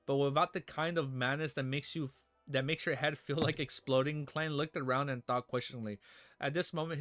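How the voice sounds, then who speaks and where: A man streaming live, reading a novel aloud haltingly and breaking off to joke and react to it. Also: mid-range voice, a bit bright, no echo.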